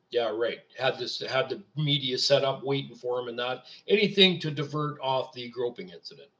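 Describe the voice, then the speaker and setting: Man, show host, from Canada, indignant rant, sarcastic, mid pitch. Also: fairly bright tone. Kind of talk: political commentary monologue.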